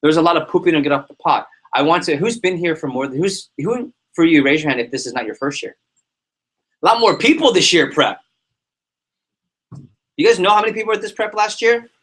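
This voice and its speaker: A man leading a sales team meeting, giving an energetic motivational talk full of anecdotes and repetition. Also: on the high side, brisk. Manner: energetic, repeats himself, tells anecdotes. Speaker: team leader running a sales prep meeting.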